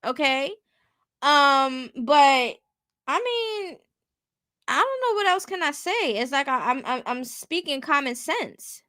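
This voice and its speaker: A woman's voice: sits high, animated, slow pace, pushed and bright, dry recording. A woman hosting casual commentary, blunt and rhetorical, often turning to her viewers with questions. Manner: blunt, rhetorical, keeps asking viewers "you get what I'm saying". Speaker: commentary host.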